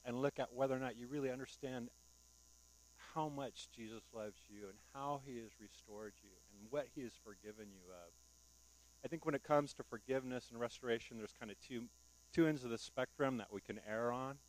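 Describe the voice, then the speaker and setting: A man's voice: mid-range voice, a little fast, low-quality recording. Conversational male pastor preaching. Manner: conversational preaching with rhetorical questions. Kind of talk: sermon. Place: church.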